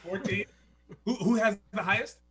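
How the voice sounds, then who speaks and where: Male game master, high bright voice, lively theatrical narration. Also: moderate pace, husky, soft background music.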